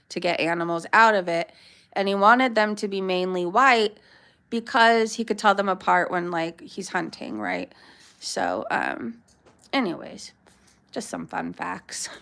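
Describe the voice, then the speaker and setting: A woman's voice: on the low side, gravelly, a bit bright. A woman vlogging live from her backyard, chatting in a meandering way and breaking off to scold her dog. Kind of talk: casual rambling chat. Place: backyard, outdoors.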